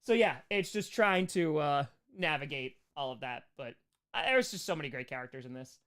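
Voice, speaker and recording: A young man hosting a live stream, chatting casually in a rambling, excitable way. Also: fairly high pitch, moderate pace, smooth, dry recording, studio quality.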